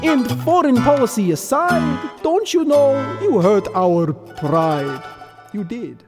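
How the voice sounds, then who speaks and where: A man's voice: very high voice, expressive, takes it slowly, voice pushed up, exaggerated voice. A man singing a comic satirical song in a put-on Russian accent, voicing Russia as a proud, touchy nation with mock-polite sarcasm. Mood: sardonic. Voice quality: sung in a put-on heavy accent. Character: Russia personified as a proud, touchy male singer. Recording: sung over guitar and mandolin.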